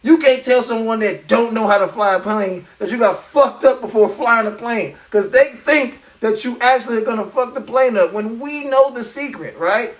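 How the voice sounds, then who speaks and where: Man, high voice, podcast host, animated comedic rant, profane, incredulous, distant mic. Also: moderate pace, hardly any pauses.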